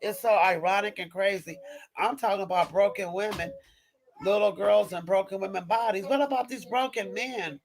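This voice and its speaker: A woman's medium-pitched, gravelly voice carries over a crowd in the background as she hosts a live stream and reads viewer chat. At a moderate pace, this mother of young kids rants with emphatic repetition and frequent mid-sentence restarts, captured on a low-quality recording.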